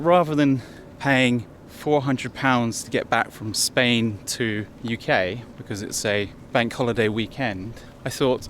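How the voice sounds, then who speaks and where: A man's voice: mid-range voice, slight background noise. An English man hosting a casual travel vlog outdoors. He talks to the viewers directly in a chatty, rambling way. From England. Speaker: travel vlogger. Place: outdoors in a town and on a bus.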